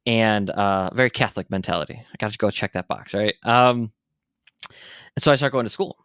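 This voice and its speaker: This studio-quality, echo-free clip features a clear, resonant, lowish voice at moderate pace. The speaker, a veteran entrepreneur in his forties from Buffalo, New York, appears as a podcast guest and bluntly, animatedly recounts his story with some swearing in candid interview style.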